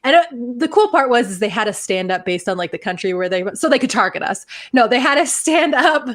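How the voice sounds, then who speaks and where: A woman in her thirties from Canada, co-hosting a podcast and telling stories in a casual, animated way with frequent laughs. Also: a little high, brisk. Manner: animated storytelling, laughs often. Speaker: podcast co-host. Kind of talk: casual chat.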